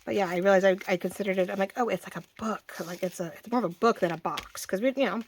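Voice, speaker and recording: A woman's voice: medium pitch, fast talker, a little hiss or hum. A woman in her forties hosting a casual craft tutorial, chatty and rambling, often restarting her sentences as she works. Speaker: craft channel host.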